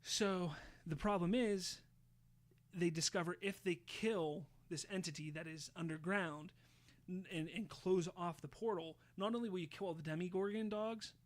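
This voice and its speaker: A man hosting a podcast, casually retelling a show's plot with lively, swear-laden storytelling. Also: sits high, moderate pace. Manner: animated storyteller, swears freely, acts out quotes. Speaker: podcast host.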